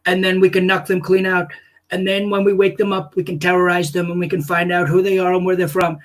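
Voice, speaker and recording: A man's voice: high voice, monotone, close to an everyday voice. A comedian voicing a boastful older male politician who rambles and praises himself. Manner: pompous, repetitive, drawn-out boasting. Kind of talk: comic impression on a livestream.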